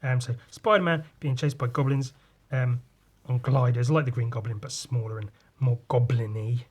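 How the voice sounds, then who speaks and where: A man's voice: medium pitch, steady tone, moderate pace, slightly rough. A man, hosting a podcast, rambling casually about drawing and swearing freely. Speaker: podcast host and comic artist. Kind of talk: casual chat.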